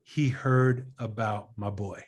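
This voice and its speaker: A man's voice: fairly low pitch, steady tone, slow, highs cut off. A man telling a personal story in a casual interview, acting out a friend's lines with quoted dialogue in an earnest way. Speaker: guest filmmaker.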